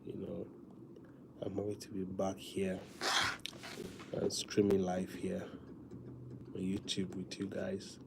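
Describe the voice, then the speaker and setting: A man chatting casually to viewers on a live stream, talking softly with many fillers because he is feeling weak. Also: low-pitched, monotone, creaky, very noisy. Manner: soft, drawn-out talk with many fillers.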